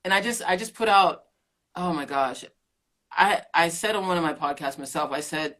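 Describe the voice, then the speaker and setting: A middle-aged woman, a keto coach and podcast guest, telling her story in an animated way, laughing often and acting out quotes. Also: on the low side, brisk. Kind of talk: casual interview chat.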